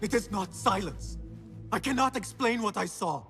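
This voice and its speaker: A man's voice: high voice, lively intonation, normal speed, vocal fry, sharp tone, exaggerated voice. An actor playing a frightened, desperate young male street thief in a video game cutscene, pleading and shaken. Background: game score music.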